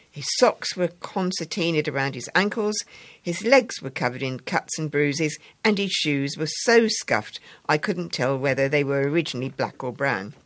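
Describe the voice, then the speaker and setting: A woman reads a story aloud to an audience in a warm, measured way. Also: low voice, dry recording.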